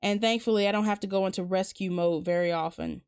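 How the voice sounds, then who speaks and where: A woman's voice: mid-range voice, fairly even intonation, quick pace, darkish tone, clean tone. Candid, rambling woman streamer. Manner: rambling and candid, with many fillers and casual swearing. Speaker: streamer hosting a book talk. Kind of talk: casual chat.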